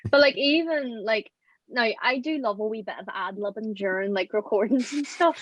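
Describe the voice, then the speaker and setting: An Irish woman, a voice actor, telling stories in an animated, rambling way in casual podcast chat. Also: fairly high pitch, moderate pace, no echo. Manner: chatty and animated, rambling storytelling. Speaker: audio drama voice actor.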